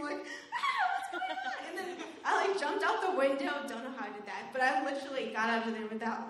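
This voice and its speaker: A young woman giving a faith talk, telling personal stories in a lively way, laughing often and saying "like" a lot. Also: on the high side. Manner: animated storytelling, laughs often, says "like" a lot. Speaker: youth speaker. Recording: very echoey room.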